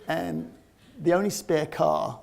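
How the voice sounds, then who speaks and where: A man in his fifties with a London accent, telling a personal story in a lively, animated way and often laughing as he talks. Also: fairly high pitch, slow pace, gravelly. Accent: London English. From England (London).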